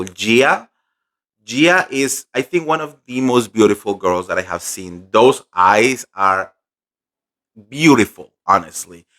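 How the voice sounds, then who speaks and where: A young man recapping a fan convention in casual, gossipy chat, animated and full of fillers. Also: on the low side. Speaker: pop culture vlogger.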